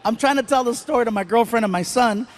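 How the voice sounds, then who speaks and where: A man's voice: very high voice, quick pace. A man telling a stand-up comedy story on a theater stage, acting out the people in it. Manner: animated, acts out voices of people in his stories. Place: large theater stage with live audience.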